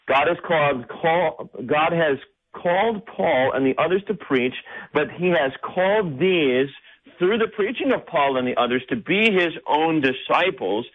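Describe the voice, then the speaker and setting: A man, a pastor, teaching a bible study in an animated way that builds to emphatic outbursts. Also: a little high. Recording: tinny phone-like radio sound.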